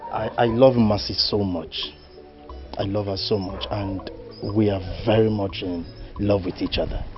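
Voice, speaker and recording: An actor playing an earnest, grateful young suitor with a Nigerian accent. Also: male voice, lowish voice, steady tone, a little slow, lightly acted. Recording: muffled film audio under music.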